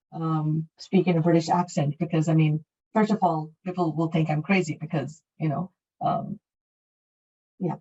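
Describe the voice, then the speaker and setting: A woman's voice: fairly low pitch, a little mellow, recorded from a distance, muffled recording. A middle-aged woman from Canada teaching an English class online, explaining in a friendly way with many fillers and restarts. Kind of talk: online class, answering questions.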